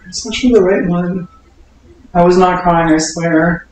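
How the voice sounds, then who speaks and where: A cooking vlogger rambles and talks to herself while cooking in her home kitchen, recorded on a camera and phone sitting on the counter. Her voice is lowish, darkish, and steady at a normal speed. Audio is poor, with slight background noise.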